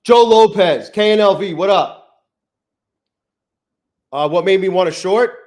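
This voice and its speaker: A man streaming his futures trades live from his garage, thinking aloud and swearing often, swinging from flat muttering to loud gloating. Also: high voice, a little slow. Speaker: trading livestreamer. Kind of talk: live trading stream commentary. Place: home garage.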